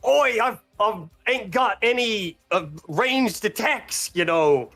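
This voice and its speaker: A man voicing a blustering male brawler in an attempted Australian accent, loud and gruff. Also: sits high, animated, slow pace, faint music behind, pitched above the performer's own voice, exaggerated voice.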